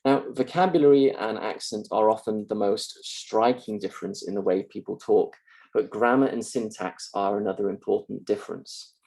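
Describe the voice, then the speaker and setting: Male university lecturer, husky and low, explains casually with fillers. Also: normal speed, a little mellow, low-quality recording. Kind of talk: mock lecture.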